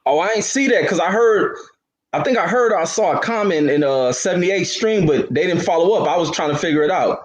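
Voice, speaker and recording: A man's voice: high-pitched, lively intonation, brisk, dull audio. A man co-hosting a casual boxing chat, blunt and slangy with strong opinions.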